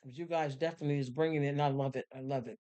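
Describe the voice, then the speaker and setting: A woman's voice: rumbling low, fairly even intonation, racing, warm tone. A woman hosting a casual livestream, reading viewer comments with effusive, slangy talk and frequent laughter. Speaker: livestream host.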